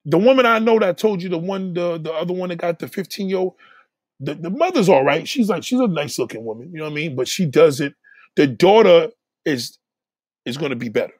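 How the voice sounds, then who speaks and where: Man, blunt opinionated host, husky voice that swings up and down, close and dry. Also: a little high, lively intonation, brisk, darkish tone, dry recording. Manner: blunt and heated, swears a lot, repeats words. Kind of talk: casual opinionated rant.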